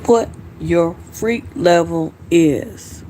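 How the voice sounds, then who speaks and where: A woman's voice: lowish voice, extremely slow, dark tone, slight background noise. A woman hosting a casual late-night livestream, tipsy and hiccuping, chatting loosely with viewers and swearing freely. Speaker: livestream host.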